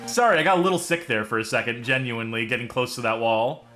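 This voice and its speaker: A young man hosting a let's-play show, rambling enthusiastically and poking fun at himself. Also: medium pitch. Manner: rambling, enthusiastic, self-deprecating. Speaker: game show co-host.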